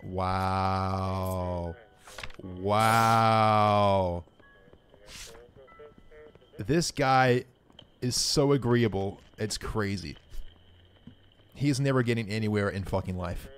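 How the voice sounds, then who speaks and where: A man streaming a game live, giving excitable, profane running commentary and talking to his chat. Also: lowish voice, extremely slow, long pauses.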